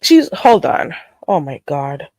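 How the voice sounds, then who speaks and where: This is a woman hosting a casual livestream while she gets sick. Her talk is lively and swings up and down, slipping into patois and salty language. The sound is close and dry. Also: low-pitched, slow pace, no echo. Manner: animated, swings into patois, swears freely, laughs often. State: getting sick. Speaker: livestream host.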